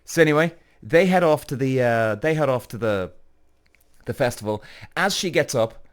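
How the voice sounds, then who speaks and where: An Irish man hosting a podcast, telling a story in an animated, exasperated way. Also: medium pitch, normal speed, smooth. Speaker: podcast host. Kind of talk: casual storytelling.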